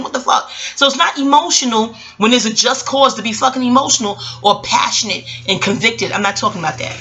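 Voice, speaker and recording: A woman giving a casual, rambling recap of a TV show. She is profane, animated and keeps digressing. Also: a little high, low-quality recording. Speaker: YouTube TV reviewer.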